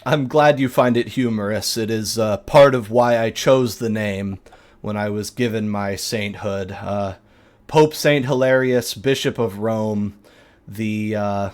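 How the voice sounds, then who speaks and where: A man voicing a courteous older male vampire saint, gracious and formal in a measured way. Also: lowish voice, darkish tone, close to an everyday voice.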